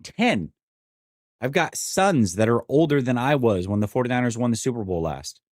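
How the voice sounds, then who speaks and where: A man in his forties hosting a live sports stream, venting his frustration and answering chat in an animated, exasperated way. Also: mid-range voice, normal speed, dry recording, studio quality. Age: 40s. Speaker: sports show host.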